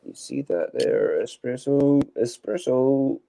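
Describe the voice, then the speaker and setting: Slow, lively Scottish man. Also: mid-range voice. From Scotland. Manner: swears freely, loose and chatty. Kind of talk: casual chat.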